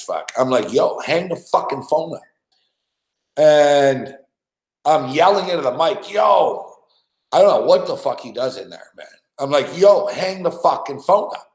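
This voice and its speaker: A man's voice: fairly high pitch, reverberant. A man hosting a radio sports show, telling a rambling story in casual chat, swearing often and laughing.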